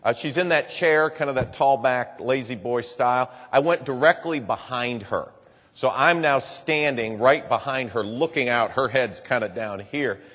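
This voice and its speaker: A man's voice: medium pitch, moderate pace, a bit bright. Earnest man speaking in a reverberant hall. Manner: earnest storytelling, repeats "and boy". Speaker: public speaker. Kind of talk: speech to a live audience.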